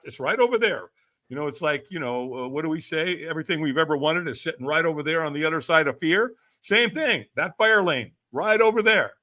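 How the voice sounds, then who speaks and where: High-voiced and forceful, a middle-aged man on a podcast shares a story from his own life. When he quotes others, his pitch jumps dramatically, and his energy holds steady throughout.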